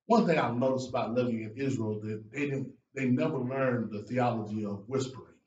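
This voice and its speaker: A man preaching a sermon as a guest preacher, with lively delivery that rises to shouts and drops low for emphasis. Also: fairly quick, dull audio. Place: church sanctuary. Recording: echoey church room from far off.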